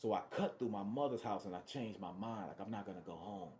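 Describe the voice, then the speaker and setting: Deep-voiced man, casual storyteller, repeats himself and acts out the other voices. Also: fast talker, a little hiss or hum. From Detroit. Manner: animated, acts out voices, restarts and repeats words. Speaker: storyteller sharing his testimony.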